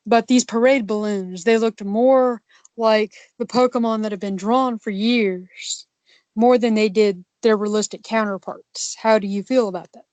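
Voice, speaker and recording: A woman's voice: medium pitch, fairly even intonation, unhurried, a little mellow, no room sound. A woman cohosting a casual podcast discussion, rambling with many restarts and fillers.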